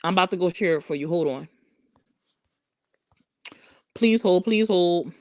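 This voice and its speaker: A woman hosts a casual livestream, chatting and answering viewers by name. Her voice is on the low side and a little slow, and there's no room sound.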